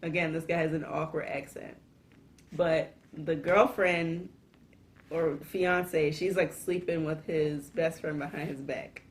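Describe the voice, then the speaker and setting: A woman co-hosting a casual podcast, telling a story in an animated way, swearing often and laughing partway through sentences. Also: sits low, slow, a little hiss or hum. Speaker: podcast co-host. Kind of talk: casual chat.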